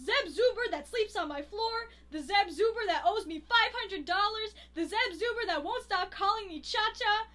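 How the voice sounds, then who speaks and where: A woman's voice: very high voice, lively intonation, moderate pace, few pauses, bright, forceful tone, pitched above the performer's own voice, exaggerated voice. A woman voicing a sassy woman bartender who is fed up with a freeloader, in a mock-indignant tone.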